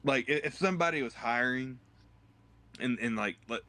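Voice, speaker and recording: A young man co-hosting a podcast, telling stories in a halting, laid-back way. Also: mid-range voice, pushed and bright, no echo. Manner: halting, restarts often, laid-back storytelling. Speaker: podcast co-host. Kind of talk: casual chat.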